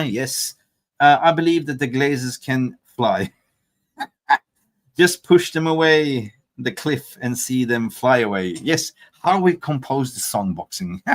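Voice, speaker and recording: A man's voice: on the high side, expressive, unhurried, fairly bright tone. A man hosting a casual live fan stream, joking loosely, swearing and reading viewer comments aloud. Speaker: fan channel livestream host.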